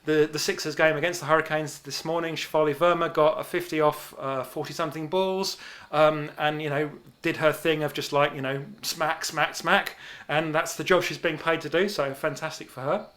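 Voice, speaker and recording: A man's voice: on the high side, steady tone, normal speed, fairly bright tone. A man co-hosting a chat podcast, talking casually with many fillers and restarts. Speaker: podcast co-host.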